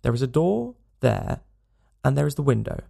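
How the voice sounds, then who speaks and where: A man's voice: mid-range voice, big pitch swings, moderate pace, creaky, mellow, exaggerated voice. A man voicing a sturdy, protective old farmer who speaks bluntly and angrily, in a storybook reading. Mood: furious. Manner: blunt, angry.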